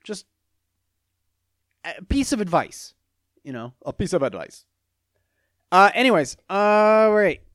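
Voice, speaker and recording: A young adult man hosting a casual solo podcast, telling stories with profane, animated rants. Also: sits high, takes it slowly, pauses often, dry recording. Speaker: podcast host.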